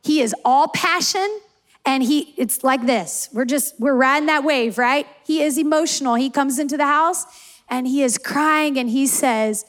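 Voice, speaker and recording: High-voiced woman preaching emphatically. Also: unhurried. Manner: emphatic, repeats key lines for stress. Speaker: campus pastor. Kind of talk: sermon with personal stories.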